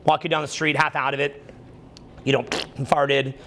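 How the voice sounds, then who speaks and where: A man giving a casual motivational talk about social skills, rambling, animated and full of "like" and "right?". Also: mid-range voice, moderate pace. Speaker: dating and social skills coach.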